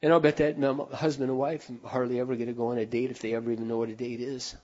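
A middle-aged man telling heartfelt stories in a sermon, earnest, dropping to a hush and then rising loud for emphasis. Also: mid-range voice, level tone, fast talker, highs cut off. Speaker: speaker.

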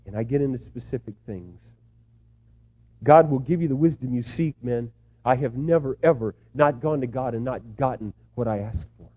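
A middle-aged man preaching a sermon, moving between hushed, tender asides and loud, impassioned pleas. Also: mid-range voice, moderate pace, narrow, tinny audio. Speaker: pastor.

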